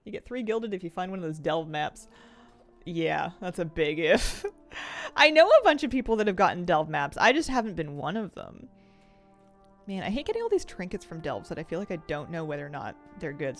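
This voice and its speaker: A woman streamer chatting casually while she plays, rambling and thinking aloud with easy laughs. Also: lowish voice. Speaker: game streamer. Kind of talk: casual live-stream chat while gaming.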